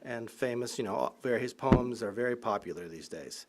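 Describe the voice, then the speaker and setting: A professor giving a public lecture, telling anecdotes and acting out the voices in them. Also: male voice, medium pitch, moderate pace, background noise. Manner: lively anecdotal storytelling, acting out quotes. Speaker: professor and biographer.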